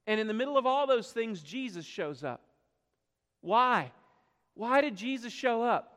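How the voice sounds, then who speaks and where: A man's voice: very high voice, expressive, measured pace, a bit bright. A man preaching a sermon as pastor, earnest, with rhetorical questions, swelling and dropping his voice. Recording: long hall reverb.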